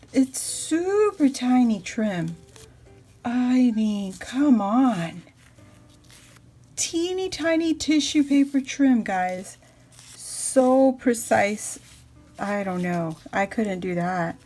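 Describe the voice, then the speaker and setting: A woman's voice: a little high, mellow. A woman vlogger opening and gushing over handmade birthday crafts for her viewers, talking casually and laughing often. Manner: gushing, squealing with delight, lots of laughter. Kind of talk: casual unboxing chat to viewers. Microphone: phone camera.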